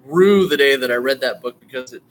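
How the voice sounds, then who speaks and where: A man's voice: medium pitch, fairly quick, slight background noise. Rambling male writing instructor, enthusiastic. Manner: rambling, digressive, with many fillers and restarts; bursts of excited enthusiasm. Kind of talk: casual screen-share lecture.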